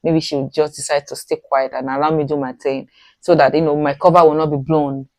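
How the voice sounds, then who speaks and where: A woman's voice: low voice, level tone, fairly quick, a little mellow, no echo. Incredulous Nigerian woman reacting. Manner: incredulous, moralizing, exclaims. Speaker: reaction channel host. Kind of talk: reaction commentary.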